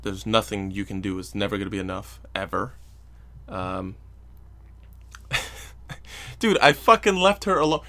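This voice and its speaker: A man's voice: on the low side, animated, a little slow, pauses often, bright, forceful tone. A young man hosting a solo podcast, telling a story in an exasperated, profane way and mocking the people he quotes. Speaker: podcast host. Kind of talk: casual solo podcast rant.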